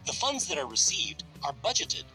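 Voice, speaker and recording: A man delivers earnest, measured scripted narration. His tone is very bright and his pitch moves widely across phrases. Soft music runs behind him. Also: very animated, poor audio. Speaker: narrator of a religious study video.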